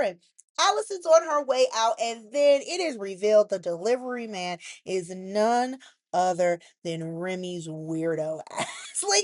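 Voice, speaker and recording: A woman's voice: medium pitch, no echo. A woman hosting a soap opera recap, giving blunt, sassy commentary full of "like" and asides. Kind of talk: casual opinionated recap.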